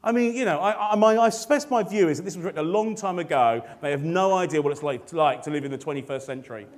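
A middle-aged man with a rather high-pitched voice delivers a Sunday sermon. He talks to the congregation in a casual, joking way and builds to excited proclamation. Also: fast talker. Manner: conversational, jokey and rising to excited. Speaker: lay preacher.

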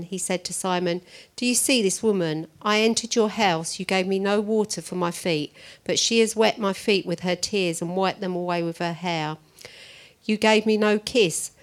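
A woman reading a Bible passage aloud to a church group in a steady, measured way. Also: medium pitch. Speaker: scripture reader.

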